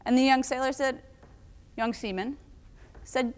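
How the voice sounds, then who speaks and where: A woman giving a lively motivational talk to a live audience, telling stories and asking the crowd questions. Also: high-pitched, slow pace, pauses often, a little hiss or hum. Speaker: keynote speaker. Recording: long hall reverb.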